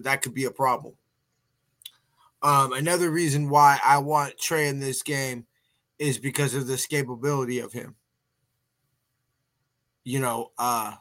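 A man hosts a casual sports podcast in a chatty, folksy style, often restarting sentences and sounding a bit tired. His voice is medium-pitched with a fairly bright tone.

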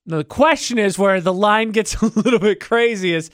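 A man's voice: high-pitched, moderate pace, a bit bright, clean tone, no room sound, clean studio sound. A man co-hosting a radio show, teasing his co-host with playful jokes in casual banter.

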